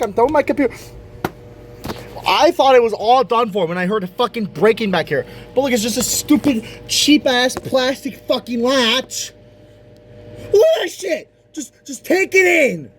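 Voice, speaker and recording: A young man, a student vlogger, ranting to the camera in exasperation, swearing constantly and breaking into shouts. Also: extremely high pitch, animated, moderate pace, soft background music. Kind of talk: profane rant to camera.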